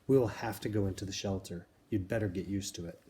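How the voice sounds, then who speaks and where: A steady, gentle woman caring for two frightened children, speaking softly and low to calm them, as a man reads her lines in a storybook reading. She sounds unhurried and reassuring, with a faint hum of background noise. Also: lightly acted. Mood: firm. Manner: soft, reassuring, quiet.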